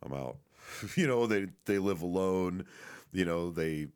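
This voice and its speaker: A man with a very low, deep voice talks in a loose, rambling monologue. He swears freely, leans on fillers and restarts, and laughs now and then as he goes. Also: takes it slowly, a little mellow, smooth. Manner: laughs often while talking.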